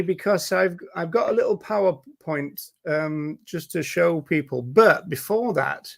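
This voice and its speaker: An older man hosts a relaxed conversation with a wry, joking touch. His voice is fairly high and carries a gravelly edge. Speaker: host. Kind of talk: casual conversation.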